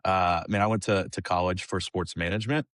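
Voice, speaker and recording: A young man in his twenties, a kids ministry leader, telling a personal story in a casual, animated way and acting out the dialogue. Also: low-pitched, brisk, no room sound, clean studio sound. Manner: animated storyteller who acts out quoted dialogue; casual, with frequent fillers like "like" and "um". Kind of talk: conversational storytelling.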